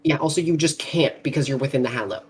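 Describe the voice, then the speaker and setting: A woman playing a tabletop game, reading rules aloud in a halting, casual way. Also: a bass voice, slightly rough. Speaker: player.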